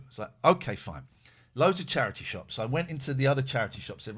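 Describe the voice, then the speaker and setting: A man's voice: mid-range voice, fast, husky. A male podcast host telling rambling anecdotes in casual chat, acting out both sides of quoted conversations and often correcting himself mid-sentence. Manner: animated, acts out quoted dialogue in other voices; rambling with restarts and self-corrections.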